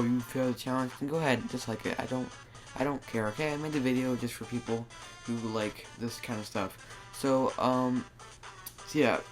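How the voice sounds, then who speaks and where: A man giving casual, rambling commentary over his gameplay, often restarting his sentences. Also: mid-range voice. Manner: rambling, with frequent restarts and filler words. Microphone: new desktop microphone.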